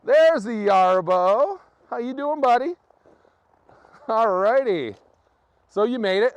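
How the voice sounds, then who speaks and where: A man with a fairly high voice hosts a live stream outdoors in bitter cold, talking casually to his viewers and laughing often. His voice comes through dry and close, with no room echo. He is recorded on a camera set up on a tripod. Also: animated, slow pace, long pauses. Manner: chatty, laughs a lot, talks to viewers. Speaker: livestream host. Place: outdoors in freezing wind and snow.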